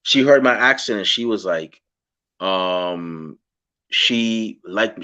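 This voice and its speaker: A man with a Guyanese accent hosting a casual interview over a video call, talking in an animated way. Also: fairly low pitch, slow pace. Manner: animated, impersonates fans excitedly. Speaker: podcast host.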